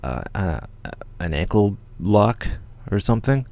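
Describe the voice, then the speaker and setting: A Canadian man hosting a livestream, telling a story in an excited, rambling way with lots of swearing and restarts. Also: fairly low pitch, unhurried, creaky, no room sound. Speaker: channel host.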